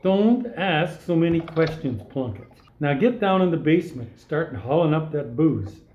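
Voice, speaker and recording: A man's voice: on the high side, lively intonation, moderate pace, a little mellow, natural voice. A man reading the part of a bossy male gangster who orders people around, in an amateur script reading. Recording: echoey room, slightly dull.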